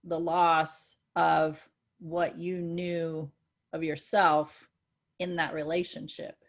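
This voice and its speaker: Woman with a lowish voice, earnest spiritual chat, thoughtful, perks up on examples. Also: takes it slowly. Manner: earnest and reflective, grows excited in examples. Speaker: co-host.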